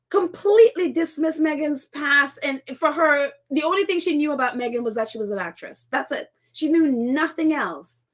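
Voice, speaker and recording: High-voiced woman chatting with viewers. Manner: rambling, many restarts, laughs often. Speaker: host of a live chat show. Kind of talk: casual live-stream chat reading viewer comments.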